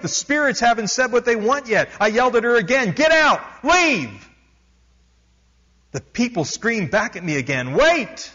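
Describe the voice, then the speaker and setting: A man's voice: medium pitch, a bit bright, slightly rough, lo-fi sound. Male preacher reading a story aloud. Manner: reads aloud with rising intensity, stops to explain asides. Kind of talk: sermon reading a missionary book aloud.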